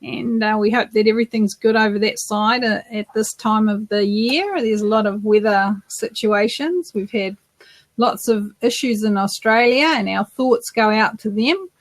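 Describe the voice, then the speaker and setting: A New Zealand woman with a mid-range voice co-hosts a beekeeping podcast, speaking at normal speed with no echo. In this casual live Q&A chat, she uses lots of fillers and restarts.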